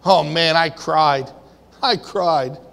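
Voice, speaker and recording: A man's voice: fairly high pitch, slow, creaky, a bit bright. A man preaching a sermon in a conversational way, asking his congregation questions and acting out the people in the story. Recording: long hall reverb.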